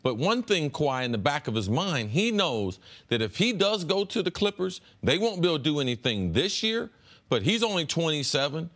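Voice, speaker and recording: Male co-host with an expressive, swooping delivery, laughs easily. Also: a little fast. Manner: lively, wide-ranging pitch, laughs easily. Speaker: sports talk show co-host. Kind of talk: casual sports debate.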